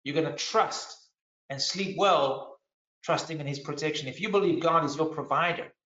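A man with a high, bright voice preaches in a sermon. He is earnest and emphatic, and he repeats and restarts phrases as he drives his point. The sound is roomy and a little dull. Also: normal speed. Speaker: pastor.

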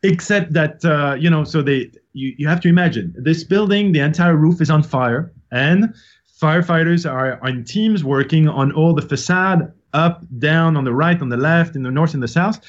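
A man's voice: fairly high pitch, normal speed. A man with a French accent, a guest on an interview show, telling a long story with many fillers and restarts. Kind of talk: casual interview talk. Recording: slightly muffled audio.

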